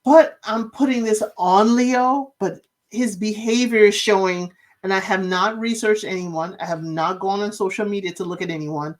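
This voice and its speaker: A woman talks casually through a reality show recap, jumping into quoted lines with bursts of energy. Her voice sits at an ordinary middle pitch. The delivery is chatty and expressive. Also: normal speed, hardly any pauses. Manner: animated storytelling, acting out quotes.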